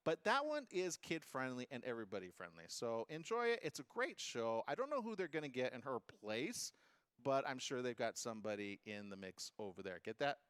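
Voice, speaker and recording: A man's voice: mid-range voice, sing-song, a little fast, fairly bright tone, clear, resonant tone, no echo, studio quality. A man hosting a radio and TV talk show, chatting casually with jokey asides and puns.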